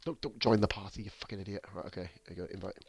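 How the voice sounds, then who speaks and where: A man's voice: low-pitched, fairly even intonation, rapid-fire. A man hosting a racing league live stream, swearing and joking through the results and interviews. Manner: sweary, jokey banter. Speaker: league host and race commentator. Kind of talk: casual post-race live stream.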